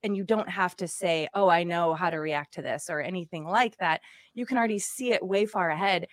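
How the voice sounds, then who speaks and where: A woman in her forties co-hosting a podcast, telling a story in a chatty, animated way with laughs. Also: fairly low pitch, a little fast, no echo, clean studio sound. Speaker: podcast co-host. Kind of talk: casual chat.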